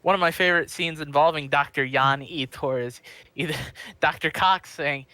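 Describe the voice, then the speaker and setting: A man's voice: on the high side, moderate pace, pushed and bright. A man co-hosting a podcast, chatting casually about a TV show, full of likes and ums. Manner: chatty, filler-heavy with lots of likes and ums. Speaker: podcast co-host.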